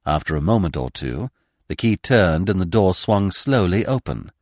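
A man narrating a classic mystery novel as a podcast reader, in a measured, expressive storytelling manner. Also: low voice, dry recording, studio quality. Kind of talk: audiobook reading of a classic mystery.

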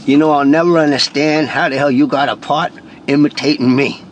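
A man's voice: fairly high pitch, fairly even intonation, a little fast, a little hiss or hum, voice pushed down, lightly acted. A man imitating an older, blunt male comedian with an East Coast drawl. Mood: wry.

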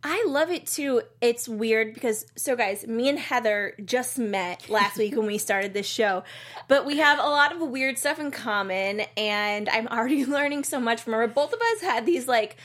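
A woman's voice: on the high side, lively intonation, moderate pace, fairly bright tone. A woman co-hosting a casual chat about a TV show, chatty and giggly, rambling with many fillers. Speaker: podcast co-host.

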